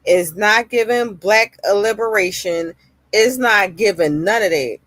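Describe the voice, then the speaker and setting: A woman's voice: medium pitch, measured pace, fairly bright tone, no echo. A woman streamer ranting heatedly in live-stream reaction commentary, swearing often and repeating phrases for emphasis.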